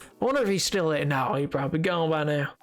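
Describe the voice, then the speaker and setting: A man streaming a game, chatting casually and excitably with his viewers. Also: on the high side, quick pace, faint music behind. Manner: chatty and excitable, reacting to chat. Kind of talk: casual chat while playing.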